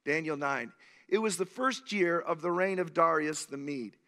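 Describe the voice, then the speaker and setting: A man in his sixties, a pastor, preaching a sermon and telling stories in an animated, emphatic way. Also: fairly high pitch, normal speed. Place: church sanctuary. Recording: long church hall reverb.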